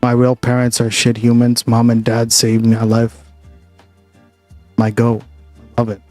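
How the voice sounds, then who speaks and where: A man's voice: mid-range voice, monotone, measured pace, a little mellow, dry recording, faint music behind. A man hosting a livestream, chatting casually and profanely with his viewers. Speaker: livestream host. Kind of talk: casual stream chat.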